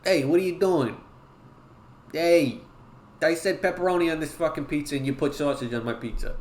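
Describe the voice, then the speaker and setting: A man's voice: a little high, normal speed, echoey room, slight background noise, close to an everyday voice. A man putting on an angry Brooklyn pizza customer. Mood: indignant. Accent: Brooklyn Italian, put on. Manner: loud, indignant, profane.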